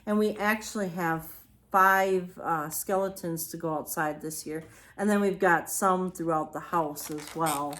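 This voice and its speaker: In a lowish, slightly bright voice with fairly even intonation, an unhurried vlogger presents a haul of home decor she bought, rambling casually and adding apologetic asides along the way.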